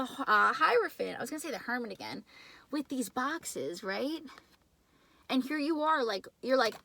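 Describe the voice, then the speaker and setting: A young adult woman giving a casual tarot reading indoors, excitable and chatty, shaky and nervous. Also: high voice, moderate pace, vocal fry. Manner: excitable, chatty, many filler words. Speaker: tarot reader.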